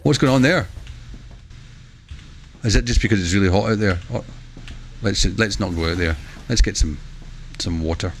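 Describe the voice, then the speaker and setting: A man giving chatty live commentary while streaming a video game, breaking into excitable exclamations. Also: fairly low pitch, normal speed, long pauses, slight background noise.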